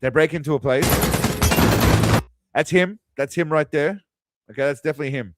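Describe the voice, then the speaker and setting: A man's voice: a little high, normal speed, very noisy. A man hosting a crude, mocking movie commentary, tossing out quiz-style asides. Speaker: host. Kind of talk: sarcastic movie riffing commentary.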